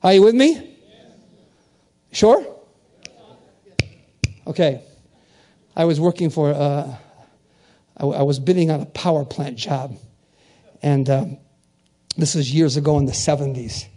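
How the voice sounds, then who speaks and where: An older male preacher with a fairly high voice who preaches in animated call-and-response. He leaps between soaring, loud cries and low, hushed storytelling, often pushing the room for answers. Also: takes it slowly, long pauses. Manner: animated call-and-response preaching with wide swings in pitch and volume. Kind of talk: sermon.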